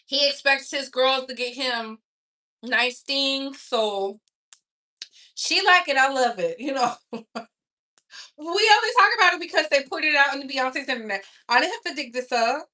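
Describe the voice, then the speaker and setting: Sassy, bright-voiced woman gossip host. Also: sits high, moderate pace. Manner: sassy, animated, talks straight to viewers. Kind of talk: casual gossip commentary to a live chat.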